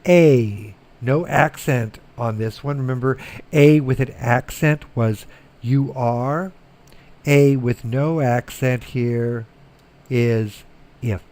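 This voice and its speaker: A middle-aged man giving a recorded lecture, slow and methodical, repeating words so students can follow. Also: mid-range voice, a little mellow. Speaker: Greek teacher.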